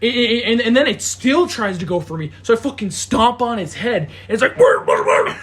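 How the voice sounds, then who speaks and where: Young man, podcast co-host, casual storytelling, high voice, husky, swearing, animated, many restarts. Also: normal speed. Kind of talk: casual storytelling among friends.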